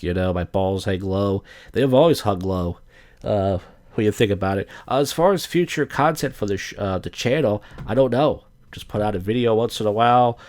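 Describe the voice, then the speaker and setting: A man's voice: on the low side, a little mellow. A man in his thirties hosting a podcast alone, rambling crudely and profanely with lots of fillers. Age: 30s. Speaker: podcast host. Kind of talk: casual rambling monologue.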